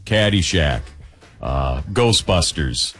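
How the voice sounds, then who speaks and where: A man's voice: very deep voice, animated, takes it slowly, fairly bright tone, soft background music. A man hosting a radio show, chatting casually and rambling through trivia and birthdays. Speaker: radio host.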